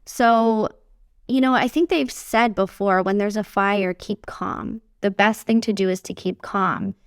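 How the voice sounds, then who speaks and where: A woman podcast host and business coach talking casually on her own, candid and swearing freely, slowing down and speeding up as she talks. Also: mid-range voice, clear, resonant tone, no echo, clean studio sound. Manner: lively delivery that swings from fast bursts to slow, stretched phrases. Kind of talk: casual solo podcast talk.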